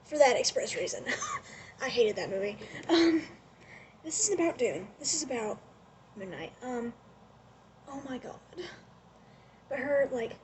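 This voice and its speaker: A young woman rambling excitedly in a casual vlog rant, gushing and laughing often, recorded on a propped-up phone. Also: sits high, a little slow, long pauses, slight background noise. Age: young adult. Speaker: vlogger. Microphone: phone propped on a lotion bottle.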